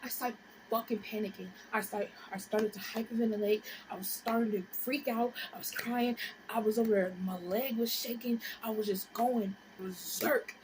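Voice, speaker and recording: Young woman, casual story vlog, swings from whispers to shrieks, bright pitch, noisy recording. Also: normal speed. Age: 20s. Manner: animated and profane, dropping to whispers and rising to shrieks. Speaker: vlogger.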